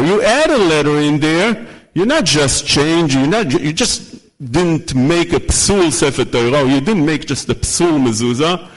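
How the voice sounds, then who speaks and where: Man, high voice, rabbi giving a Torah class, emphatic, rattles off quick Hebrew quotes. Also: low-quality recording. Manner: mixes in rapid Hebrew quotations; emphatic, repeats words for stress. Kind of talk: Torah lecture.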